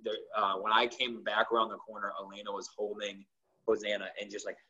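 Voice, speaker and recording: Talk-show guest, male, lower voice, lively story delivery, dull recording. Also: brisk. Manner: acts out quoted dialogue with lots of "like". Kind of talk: animated storytelling.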